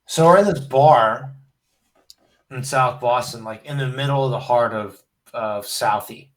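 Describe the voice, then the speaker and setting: A man's voice: mid-range voice, unhurried, rough recording. A man telling a profane bar story in casual podcast chat, acting out the voices of the people in it. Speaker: podcast host.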